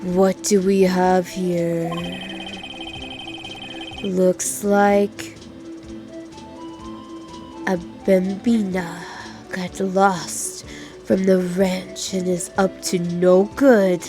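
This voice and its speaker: A woman doing a swaggering cowboy detective, put-on Southern drawl, low and slow, folksy game-dialogue reading with faint music underneath. He talks like a sheriff from the old West. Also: flat delivery. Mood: smug drawl.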